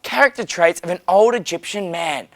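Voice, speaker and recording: A man's voice: sits high, normal speed, a bit bright. A man voicing a dreamy young woman with odd beliefs, speaking in an earnest, airy way.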